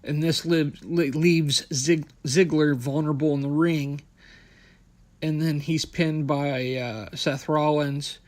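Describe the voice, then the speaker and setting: A man's voice: on the high side, fairly even intonation, slow, darkish tone. Blunt, profane male podcast host. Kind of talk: casual wrestling recap.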